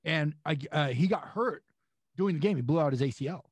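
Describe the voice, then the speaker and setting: A young man with a husky, slightly higher voice tells a story with animated energy. He slips into voices for the people he quotes. The sound is dry and close. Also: brisk, dry recording. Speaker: pro wrestler guest. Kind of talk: storytelling anecdote.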